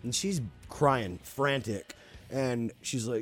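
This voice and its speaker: A man's voice: lowish voice, lively intonation, normal speed, soft background music. A man casually telling a spooky story on a podcast, swearing freely and talking animatedly.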